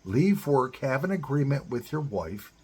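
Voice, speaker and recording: A man's voice: medium pitch, sing-song, unhurried, darkish tone, husky. A middle-aged man giving blunt, profane advice straight to other men in a casual monologue. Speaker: advice-giver to divorced fathers.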